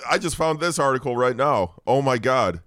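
A man's voice: mid-range voice, expressive, normal speed, a bit bright, no echo, studio quality. A man co-hosting a podcast, joking around in crude casual banter, often restarting his sentences. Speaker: podcast co-host.

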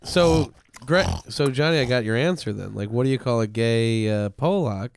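A man's voice: medium pitch, moderate pace, noisy background. A young man co-hosting a casual podcast, teasing the others and laughing often. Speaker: podcast co-host. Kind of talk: casual chat.

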